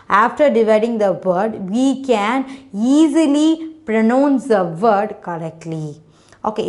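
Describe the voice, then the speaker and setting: A woman's voice: fairly high pitch, darkish tone. A woman teaching a phonics lesson to children, spelling words letter by letter and often asking "isn't it?". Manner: non-native English grammar, often asks "isn't it?".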